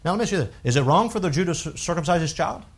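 A man preaching a sermon, reading scripture aloud in a rising, emphatic voice and dropping low and quiet to explain his points. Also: animated, very fast.

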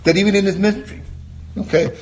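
A man with a high voice preaches an emphatic sermon. He asks his listeners questions and answers them himself, and he reads scripture more slowly and lower. He often clears his throat between points. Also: fairly even intonation, slight background noise. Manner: quotes scripture in a slower, lower voice.

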